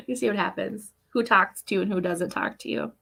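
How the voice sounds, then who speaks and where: Woman with a gravelly edge, co-hosting. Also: medium pitch, normal speed, fairly bright tone. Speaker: co-host. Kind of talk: casual chat on a video call.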